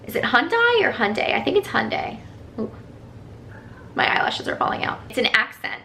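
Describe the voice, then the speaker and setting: A woman's voice: on the high side, expressive, a little fast, vocal fry, pushed and bright, slight background noise. A woman telling a personal story to her viewers in a casual, rambling vlog, full of "like" fillers. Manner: chatty, rambling, lots of "like" fillers. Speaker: vlogger.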